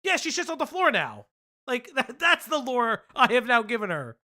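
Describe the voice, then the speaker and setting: A man's voice: extremely high pitch, wildly swooping pitch, moderate pace, pushed and bright. A man hosting a casual commentary stream, rambling, laughing often and swearing.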